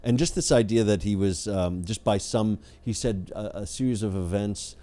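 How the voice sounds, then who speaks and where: A man's voice: on the low side, moderate pace, dark tone. A man co-hosting a podcast in casual chat, wry and critical, with many hesitant fillers. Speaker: podcast co-host.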